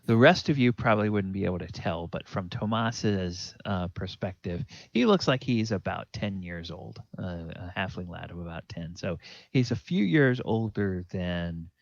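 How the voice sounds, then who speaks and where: A man narrating a tabletop game as dungeon master, pausing often with fillers. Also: low-pitched, lively intonation, creaky, no room sound. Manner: hesitant, many fillers. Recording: dull lo-fi, dry sound.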